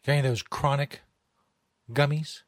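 A man's voice: on the high side, fairly even intonation, a little fast, dry recording, clean studio sound, lightly acted. A man doing a drawling stoner dude. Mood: sly. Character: laid-back adult stoner asking for edibles.

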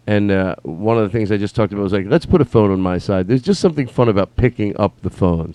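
A man's voice: fairly low pitch, darkish tone, dry recording. A man hosting a podcast alone in a studio, rambling casually, restarting his sentences and breaking into silly announcer bits. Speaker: podcast host. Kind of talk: casual solo podcast riffing.

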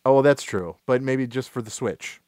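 A man hosting a casual gaming podcast, who talks in a halting, rambling way with many restarts and fillers. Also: mid-range voice, darkish tone, dry recording, clean studio sound. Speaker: podcast host.

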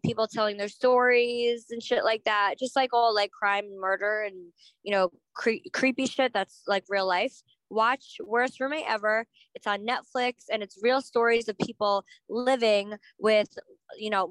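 A woman's voice: on the high side, fairly bright tone, clear, resonant tone, dry recording, rough recording. A woman co-hosting a podcast in casual chat, blunt and outspoken, swearing freely. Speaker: podcast co-host.

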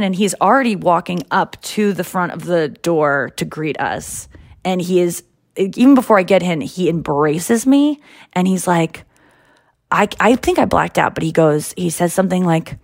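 An American woman hosts a podcast, chatting casually and animatedly acting out the people she quotes while telling a story. Her voice is on the low side and creaky, at a normal speed. The sound is studio quality with no echo.

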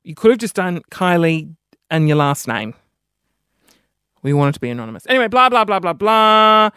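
A man's voice: high voice, big pitch swings, sharp tone, clear, resonant tone, dry recording. Male podcast host, solo chat, rambling and self-deprecating, sniffs between lines, dry close mic. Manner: rambling, self-mocking, quick asides; audible sniffing between phrases.

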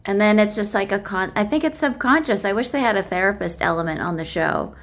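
A woman guest chats on a podcast in a relaxed, opinionated way. Her voice sits at an ordinary middle pitch. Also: quick pace. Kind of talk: casual chat.

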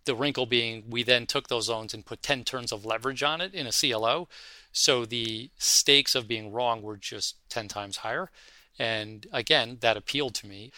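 Man, fund manager, bright forceful voice, animated storyteller, dry close sound. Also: medium pitch, moderate pace, no echo. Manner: animated anecdotal storyteller, acts out quoted dialogue. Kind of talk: conversational interview storytelling. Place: his office.

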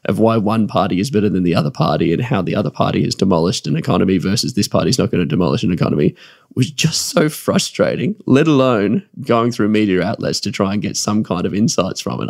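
A man co-hosting a business podcast, talking in an animated, chatty way and laughing often. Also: on the low side, fast talker, creaky, no room sound, studio quality. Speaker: podcast co-host. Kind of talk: casual business podcast chat.

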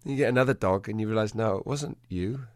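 A man, a dog trainer, telling a story in an animated way and acting out the quotes in a changing voice. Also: on the low side, quick pace, dry recording, studio quality. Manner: animated, acts out quotes in a shifting voice. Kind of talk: conversational storytelling.

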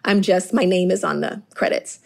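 A middle-aged woman from Inglewood, California, telling stories from her modeling and producing career as an interview guest in a lively, chatty way full of "like" fillers. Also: lowish voice, moderate pace, creaky. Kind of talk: casual storytelling interview.

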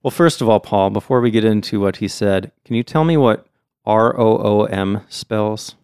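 A man with a fairly low, slightly mellow voice speaks at a moderate pace in clean studio sound with no echo. Hosting a casual podcast, he's friendly and chatty, hedging with fillers.

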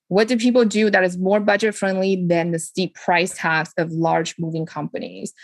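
A woman with a fairly low voice hosts a casual advice podcast, answering listener questions in a lively, chatty way. She leans on "like" and "you know" and makes small grammar slips. The sound is dry and close to the mic. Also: no room sound. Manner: lively, animated delivery with frequent "like" and "you know". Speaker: podcast host and home staging business owner.

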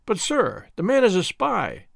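A man's voice: sits high, wildly swooping pitch, gravelly, no room sound, studio quality, pitched above the performer's own voice, heavily acted. A man doing a hotheaded accusing soldier. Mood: angry. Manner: accusing, quick to anger. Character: hotheaded, suspicious young male soldier.

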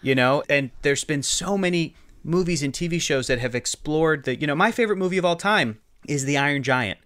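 An effusive man co-hosts a podcast in casual chat. His voice is bright and ringing and sits a little high. The sound is close and dry. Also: fairly quick, no echo. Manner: enthusiastic, effusive. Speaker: podcast co-host.

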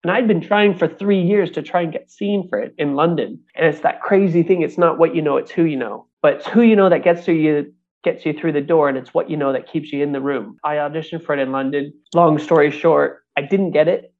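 A Canadian actor in his thirties tells his career story in an easy, chatty way, jumping into the voices of the people he quotes. His voice is gravelly and sits a little high. The sound is thin and phone-like. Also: a little fast. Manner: animated, acts out quoted voices, laughs often. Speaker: actor and puppeteer. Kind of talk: casual storytelling interview.

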